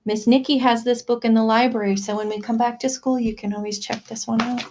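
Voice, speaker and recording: School staff woman reading aloud to kids; expressive, high, questioning. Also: brisk, background noise. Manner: expressive, asks listeners questions. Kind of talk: children's read-aloud storytime.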